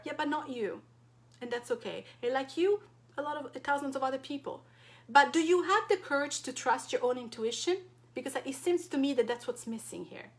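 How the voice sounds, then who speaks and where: A woman's voice: high-pitched, lively intonation, brisk. A woman from Europe, a wellness coach, speaking directly and passionately to her support group, full of rhetorical questions. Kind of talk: impassioned direct-to-camera talk.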